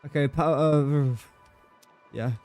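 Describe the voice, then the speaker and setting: A chatty young man streaming a building game, his voice pitched a little high but mellow in tone. He jokes about himself and bosses the objects he places around, over faint background music. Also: steady tone, slow pace. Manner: chatty, self-mocking, talks to objects while building. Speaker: livestreaming gamer. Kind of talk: casual game commentary.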